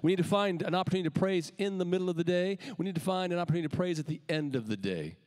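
A man preaching a sermon as pastor, calling out emphatic lines and then letting the ends drop quietly. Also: high-pitched, rapid-fire, big-room sound. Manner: emphatic preaching with rising calls and quiet dropped endings. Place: church sanctuary.

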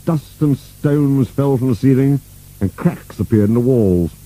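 A man narrating a children's storybook with an expressive, playful reading. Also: medium pitch, a little slow, low-quality recording.

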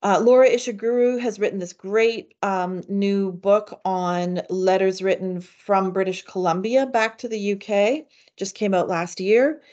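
A woman giving an academic seminar paper in a measured way, with frequent fillers and restarts. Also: mid-range voice, steady tone, darkish tone, muffled recording. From Canada. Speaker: academic speaker. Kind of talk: seminar lecture reading a paper.

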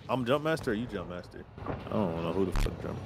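A young man chatting casually while gaming, excitable, slangy and swearing a lot. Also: fairly low pitch, fast talker, vocal fry, background noise. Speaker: gamer streamer. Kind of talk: casual gameplay banter.

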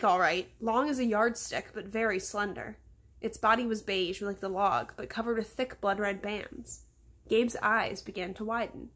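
A woman's voice: fairly high pitch, a bit bright. A woman reading aloud from her children's novel at home, giving the boys' lines small voice shifts. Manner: stops to talk to her dog, then goes on reading. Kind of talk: storybook reading.

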